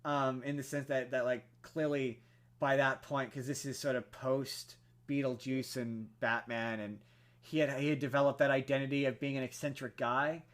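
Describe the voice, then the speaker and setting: A young man co-hosting a podcast, telling a film story in casual chat, full of fillers and restarts and growing animated as he goes. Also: medium pitch, normal speed. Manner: rambling with many fillers and restarts, animated when excited. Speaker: podcast co-host.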